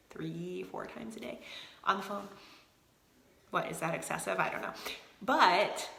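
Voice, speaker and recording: A woman's voice: fairly low pitch, gravelly, sharp tone, roomy sound. A woman leading a sales team, chatting casually and energetically in a motivational live video, answering viewers by name. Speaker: team leader of a direct sales group.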